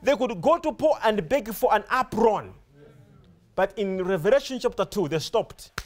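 Animated male preacher, lively high voice. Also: normal speed. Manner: emphatic, repeats words and phrases, animated rise and fall. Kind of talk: sermon.

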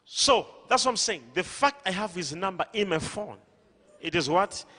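A man preaching a sermon to a congregation, emphatic and repetitive, rising at times to shouts. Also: sits high, expressive, moderate pace, long reverb tail. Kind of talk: sermon with call-and-response. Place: large church hall.

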